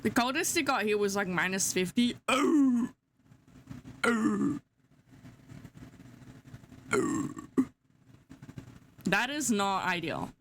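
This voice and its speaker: A woman's voice: mid-range voice, animated, takes it slowly, long pauses, a bit bright, a little hiss or hum. A young woman chatting casually to her live-stream chat, sleepy, giggly and yawning. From Australia.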